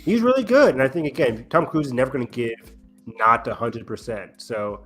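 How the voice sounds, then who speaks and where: A man co-hosts a casual movie podcast, speaking at an everyday middle pitch. He rambles through news items, pausing often on ums and restarting his sentences. Faint music sits underneath. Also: lively intonation, a bit bright. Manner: rambling, halting with many ums. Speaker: podcast co-host. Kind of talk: casual chat.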